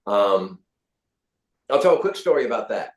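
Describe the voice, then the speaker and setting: A middle-aged man, a guest actor, telling animated stories and acting out the people in them. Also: fairly low pitch, normal speed. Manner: acts out quoted voices, lively. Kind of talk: animated storytelling.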